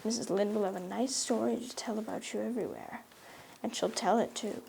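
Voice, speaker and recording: A stern, dry older woman, as a reader puts her on for a storybook, reproving and measured. Her voice is mellow and soft-edged, close to the reader's own and a touch lower and quieter. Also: a little hiss or hum, lightly acted, rough recording. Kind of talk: audiobook reading.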